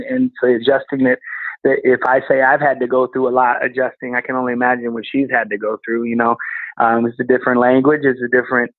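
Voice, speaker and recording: A man who is a guest comedian, telling candid personal stories in a casual, animated way. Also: medium pitch, no room sound. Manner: candid and animated, with quick laughs. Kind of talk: casual storytelling. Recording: tinny phone-like line.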